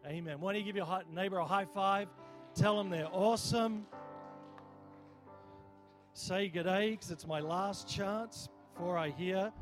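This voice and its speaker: A man, a visiting preacher leading a healing prayer and sermon in a church, energetically rallying the crowd for responses. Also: high voice. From Australia. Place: church service.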